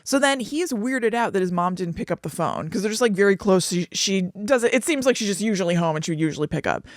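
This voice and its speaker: A woman's voice: mid-range voice, expressive, quick pace, no room sound. Chatty woman podcast host, dry sound. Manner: chatty, laughing, acts out quoted voices. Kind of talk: casual chat, retelling a TV episode.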